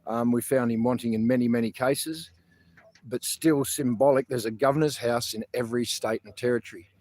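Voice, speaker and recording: A man's voice: medium pitch, fairly even intonation, fairly quick, a little mellow. An Australian man hosting a casual outdoor livestream, talking in an earnest, rambling way with many fillers and restarts. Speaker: protest livestream host. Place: outdoors in a public garden.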